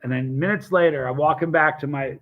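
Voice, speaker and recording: A man hosting a casual live stream, telling animated stories with restarts and acted quotes. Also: on the high side, fairly quick, lo-fi sound. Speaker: hot sauce seller and channel host.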